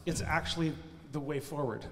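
Middle-aged male pastor, emphatic conversational delivery, slightly high voice in a reverberant hall. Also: steady tone, moderate pace, a bit bright. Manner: emphatic, sums points up with "right?". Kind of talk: conversational sermon. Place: church auditorium. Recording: long church hall reverb, faint noise.

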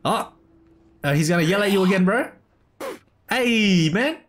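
A man's voice: high voice, animated, a little slow. Laid-back man gaming, game music behind. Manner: laid-back, calls everyone bro, laughs a lot. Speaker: gamer. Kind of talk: let's play commentary.

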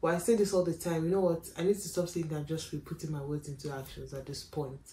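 A woman's voice: deep voice, flat delivery, quick pace, dark tone, slight background noise. A young woman, chatting casually and animatedly to camera in a travel vlog, full of slang and easy laughs. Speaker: travel vlogger. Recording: echoey room with faint ambience.

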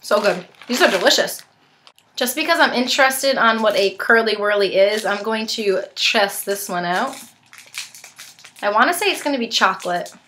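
A woman's voice: mid-range voice, expressive, normal speed, bright, forceful tone, a little hiss or hum. A young woman reviewing snacks in a casual unboxing vlog, chatting and tasting as she goes, sometimes talking with her mouth full. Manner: chatty, talks while chewing.

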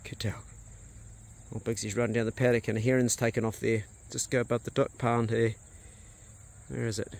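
A man's voice: mid-range voice, level tone, moderate pace, vocal fry, pauses often, a little mellow. A man, a farmer talking casually and bluntly to a phone camera outdoors, swearing freely. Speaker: farmer vlogger. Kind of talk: casual walk-and-talk vlog. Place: outdoors on a farm.

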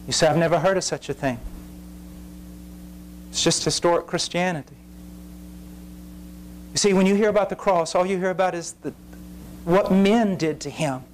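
A man preaching an intense, impassioned sermon that rises to shouts at its peaks. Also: high-pitched, normal speed, pauses often, slight background noise. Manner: intense, rising to shouts at climaxes.

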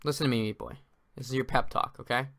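A man doing let's-play commentary, frantic and exasperated, ranting and yelling at the game as he plays. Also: medium pitch, fast, creaky. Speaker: gaming video creator.

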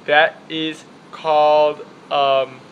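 A man's voice: on the high side, flat delivery, drawn-out words, muffled recording, a little hiss or hum. A young man from the Chicago area with a Chicago accent, chatting casually and rambling through an accent-tag vlog in his apartment. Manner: chatty, rambling, self-deprecating. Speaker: vlogger. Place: apartment room with window open.

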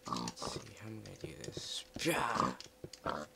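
A man giving casual commentary while playing a game, chatty and muttering to himself, with excitable outbursts. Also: extremely low pitch, a little fast, creaky. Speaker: let's play gamer. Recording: loud background noise with keyboard typing.

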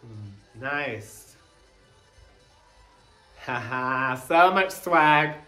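A professional dancer commenting on a dance video for viewers, chatty and admiring, breaking into loud delighted exclamations. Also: medium pitch, animated, drawn-out words, soft background music.

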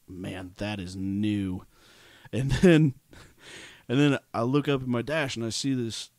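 A young man co-hosting a podcast, telling a story in a casual, animated way. He acts out what people said and laughs often. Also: mid-range voice, no room sound. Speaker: podcast co-host.

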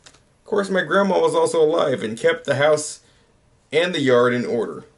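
A man's voice: fairly high pitch, lively intonation, moderate pace, creaky. Rambling man in his thirties, easygoing. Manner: rambling, self-mocking, trails off. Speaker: YouTuber. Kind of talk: casual late-night chat.

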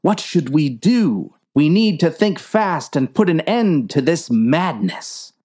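A woman voicing an earnest, nervous male sailor sidekick in a low, plodding voice. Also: animated, slow pace, warm tone, breathy edge, full character voice. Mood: worried.

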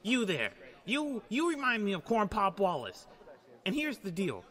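A man's voice: sits high, wildly swooping pitch, a little slow, fairly bright tone, full character voice. A man voicing a rambling elderly male president with a folksy, meandering way of talking. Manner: folksy, meandering, mumbled asides.

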